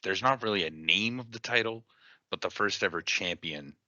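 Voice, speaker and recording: A very deep-voiced man co-hosts a podcast in easygoing casual chat and agrees readily. His tone is strikingly bright and forceful. The sound is dry and dull. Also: moderate pace, no echo. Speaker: podcast co-host.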